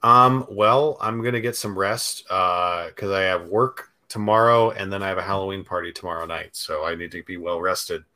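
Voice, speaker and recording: A man chatting as a podcast guest, enthusiastic and excitable. His voice sits on the lower side but has a bright edge. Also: normal speed, hardly any pauses. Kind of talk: casual chat.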